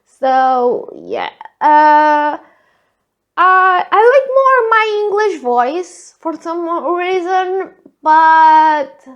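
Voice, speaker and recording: Thin, squeaky woman with a Portuguese accent. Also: sing-song, very slow, highs cut off. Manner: hesitant, many filler "uh"s. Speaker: podcast host. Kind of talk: reflective solo podcast monologue.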